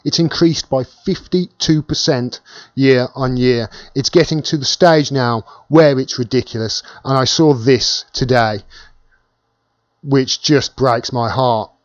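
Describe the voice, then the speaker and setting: A man's voice: medium pitch, takes it slowly, no room sound. British man, live-stream host, casual chat, dry close sound, muffled lo-fi audio. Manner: chatty, thanks viewers by name while reading comments.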